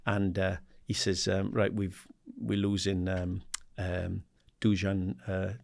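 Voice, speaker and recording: A man in his sixties from England, a guest in an interview, telling animated stories and acting out the dialogue. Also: low-pitched, slow pace, creaky. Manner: animated anecdotes, acts out quoted dialogue, laughs often; swears casually, says "mate". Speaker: guest, former footballer and assistant manager. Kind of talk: casual storytelling interview.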